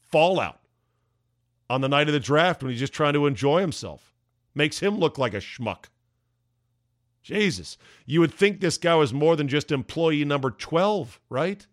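A man hosting a podcast, delivering an emphatic, ranting opinion monologue with sarcastic asides, his voice going hoarse. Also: fairly high pitch, no echo, studio quality. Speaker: podcast host.

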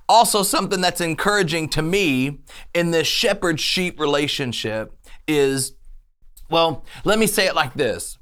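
A medium-pitched online faith speaker delivers an energetic message to camera. She's chatty and animated, laughing often and urging listeners on.

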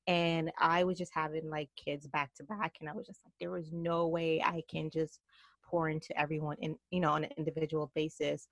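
A woman's voice: sits low, dry recording. A woman in her thirties from Jamaica, with an accent mixing Jamaican and New York, speaking earnestly as a podcast guest and laughing often. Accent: Jamaican mixed with New York. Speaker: guest entrepreneur. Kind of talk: podcast interview.

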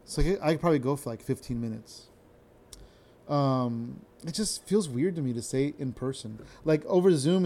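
A man's voice: medium pitch, warm tone. A young adult man, a stand-up comedian, talking casually and rambling on a solo podcast, who tends to slur his words and swears freely.

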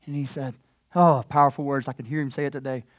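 A man preaching a sermon as pastor, telling a story with animated swings between hushed and loud delivery. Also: mid-range voice, fast, dry recording, clean studio sound.

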